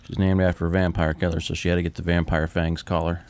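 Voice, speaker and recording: Very deep-voiced man, joking podcast host. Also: little pitch movement, fast talker, a little mellow, clear, resonant tone. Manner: profane, joking, teasing. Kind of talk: casual chat while tasting snacks.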